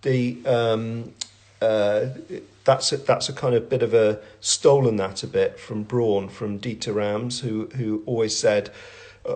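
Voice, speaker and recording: A man's voice: lowish voice, little pitch movement, unhurried, darkish tone. A middle-aged man answering questions in a casual live stream from home, rambling and self-deprecating, with lots of fillers and restarts, on a phone at arm's length. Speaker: brand owner and creative director hosting a live Q&A. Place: at home, with family in the room.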